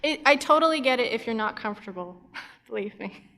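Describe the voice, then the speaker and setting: A woman's voice: a little high, animated, brisk, bright, forceful tone. A woman on a convention panel talking casually, chatty and giggly, with plenty of fillers. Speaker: animator and YouTuber on a panel. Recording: long reverb of a convention hall.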